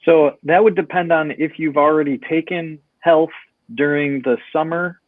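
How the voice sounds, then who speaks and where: A man's voice: a little high, fairly even intonation, normal speed, no room sound. Man answering over a tinny line. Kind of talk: answering a question on a panel. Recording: dry, phone-like line.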